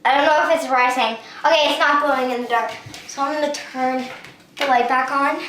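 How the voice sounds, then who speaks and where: A woman hosting a slime-making vlog at home, talking excitedly and often squealing and shrieking. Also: high-pitched, moderate pace, echoey room, a little hiss or hum. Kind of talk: excited hands-on vlog narration. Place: home bathroom and table.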